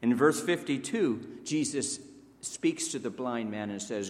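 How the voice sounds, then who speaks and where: Male pastor, sermon, fairly high voice with wide swinging pitch, emphatic delivery, echoing church hall. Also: sing-song, a little slow. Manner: emphatic, swinging from raised exclamations to hushed low asides. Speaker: preacher. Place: church sanctuary.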